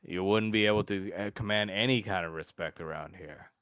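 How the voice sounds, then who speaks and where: A man's voice: low voice, brisk, a bit bright, clear, resonant tone, dry recording, clean studio sound. A man running a tabletop game as game master, often laughing and doing many side voices.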